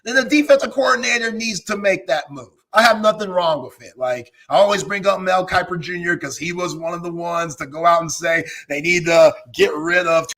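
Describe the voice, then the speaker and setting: A man hosting a sports talk stream in a relaxed, conversational way. His voice sits a little higher than most men's, and he laughs easily between his points. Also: fairly quick, hardly any pauses. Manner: laid-back, laughs easily.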